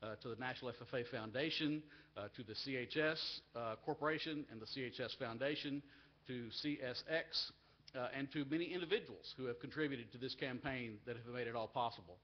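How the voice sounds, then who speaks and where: A man's voice: medium pitch, brisk. Earnest guy speechifying at a live event, gets emotional, repeats stuff for emphasis, kinda dull webcast sound. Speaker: agricultural education association leader giving a speech. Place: university event hall with a live audience.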